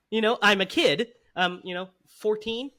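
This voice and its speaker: A man's voice: high-pitched, bright, forceful tone. A man hosting a podcast, telling a story in casual chat with frequent laughs. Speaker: podcast host.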